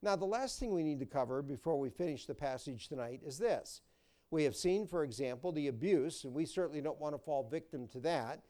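Man, pastor, sermon, folksy storytelling, warm mellow voice. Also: a little high, animated, fairly quick. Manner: folksy, storytelling, repeats words.

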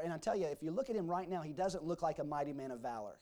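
A man's voice: a little high, fast, warm tone. A man preaching a sermon, reading scripture aloud and explaining it with folksy everyday examples. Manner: reads scripture aloud in King James wording. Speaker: pastor. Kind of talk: expository sermon.

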